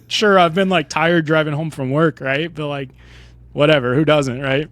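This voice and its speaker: A man's voice: a little high, fairly even intonation, moderate pace, a bit bright, no room sound. A man in his forties with an American accent, a podcast guest telling his story in a casual, conversational way, often checking in with "right?". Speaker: podcast guest, retired Army pilot.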